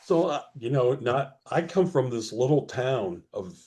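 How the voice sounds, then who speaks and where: Man, interview guest, slow, rambling storyteller, filler words. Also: medium pitch, animated, a little mellow. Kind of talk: telling anecdotes in an interview.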